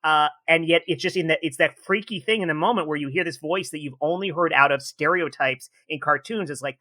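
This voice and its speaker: A man hosting a casual podcast chat, animated and quick to react. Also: fairly high pitch. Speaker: podcast host.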